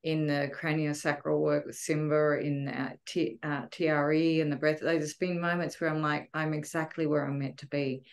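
A woman giving a heartfelt, emotional testimonial about a retreat, often pausing to search for words. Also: sits low, flat delivery. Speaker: retreat guest.

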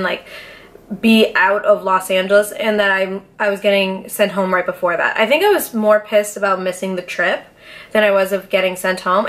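Profane animated young woman storyteller. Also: medium pitch. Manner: profane, animated, dramatic outbursts. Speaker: podcast host. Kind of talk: casual storytelling.

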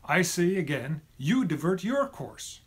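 A calm, unbothered lighthouse keeper, as a man reads him. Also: high voice, a little slow.

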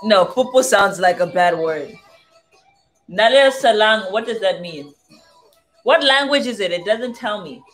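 Slow-talking playful young woman vlogger. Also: mid-range voice, expressive. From southern Africa. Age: young adult. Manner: playful, sounds out foreign phrases slowly. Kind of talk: casual livestream chat. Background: faint music playing.

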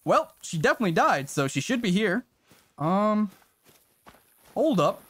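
Male streamer, casual live commentary, excitable with some swearing, high-ish animated voice. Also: unhurried, no echo. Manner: excitable, swears, chats to viewers. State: briefly out of breath. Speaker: game streamer.

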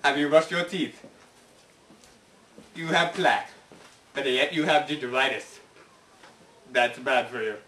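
A man's voice: mid-range voice, a little slow, pauses often, a bit bright, roomy sound, distant mic, slight background noise. A young man in a comedy sketch, needling with mocking questions.

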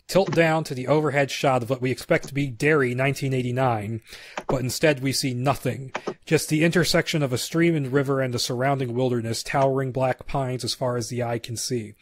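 A man's voice: medium pitch, fairly even intonation, a little fast. A man co-hosting a podcast, chatting casually and reading screenplay narration aloud with stumbles and asides. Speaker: podcast co-host. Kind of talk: casual chat and script read-aloud.

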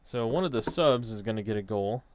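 A man's voice: on the low side, expressive, fairly quick, a little hiss or hum. A young man casually talking through his tabletop soccer simulation, thinking aloud as he reads off dice results. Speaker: tabletop soccer sim host. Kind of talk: casual solo commentary.

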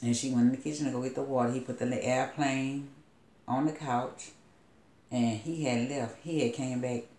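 A woman's voice: very deep voice, steady tone, normal speed, a little mellow, reverberant. A woman prophetess retelling a story as a sermon, in a loose, rambling storytelling manner with asides.

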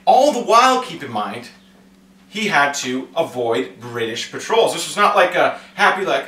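Upbeat guy explaining history, bright voice that jumps around a lot, kinda far from the mic in an echoey room. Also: a little high, big pitch swings. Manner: playful, acts out quick comic voices. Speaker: history teacher. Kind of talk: casual educational explainer.

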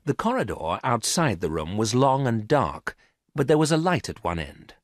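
A man narrating a graded story for English learners, reading clearly and carefully. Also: medium pitch, very animated, normal speed, dry recording, studio quality.

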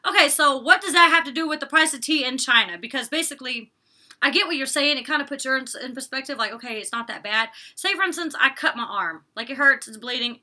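Bright-voiced, chatty young woman vlogger. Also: a little high, expressive, normal speed. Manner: chatty and opinionated, recaps scenes with quoted lines, curses casually. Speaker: reality show reviewer. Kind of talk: casual recap vlog.

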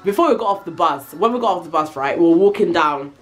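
A young woman telling a casual, slangy storytime, animated and full of swearing. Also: fairly low pitch, quick pace, soft background music. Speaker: vlogger.

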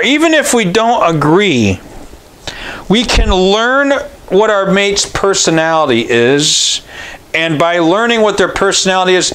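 A man's voice: a little high, a bit bright. A man, a pastor, giving a chatty, joking sermon and often restarting his sentences. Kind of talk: conversational sermon.

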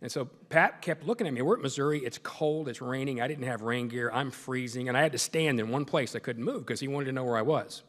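A man's voice: mid-range voice, quick pace, hardly any pauses, long reverb tail. A man giving a humorous storytelling speech as a guest speaker, full of self-deprecating jokes. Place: large meeting hall.

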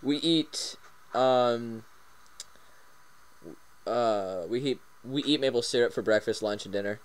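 A man's voice: mid-range voice, takes it slowly. A young man from Canada hosting a casual chat show, giggling and hesitating with lots of fillers. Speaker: podcast host.

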